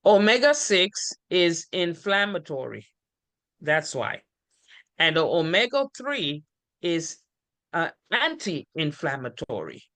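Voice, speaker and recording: A woman hosting an online talk show, calmly explaining a health point over a video call. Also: on the low side, slow, no room sound.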